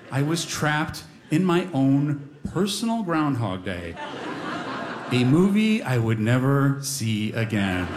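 A man's voice: mid-range voice, darkish tone. A middle-aged man telling a personal story on stage before a live audience, wry and self-deprecating with comic timing.

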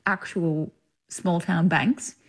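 An Australian woman, an actress being interviewed, talking in a chatty, animated way and laughing often. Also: on the low side, slow, vocal fry. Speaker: actress guest. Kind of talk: casual interview chat.

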